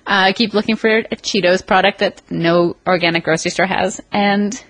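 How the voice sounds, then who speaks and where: A woman co-hosting a podcast, telling dry, deadpan anecdotes with small hesitations. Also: medium pitch, normal speed, no echo. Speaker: podcast co-host. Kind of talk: casual storytelling chat.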